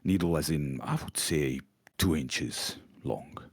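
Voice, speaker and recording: Husky very deep-voiced man, offhand. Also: slow pace, no room sound, studio quality, faint music behind. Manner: offhand and curt, with half-whispered asides. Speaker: player. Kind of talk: casual tabletop game chat.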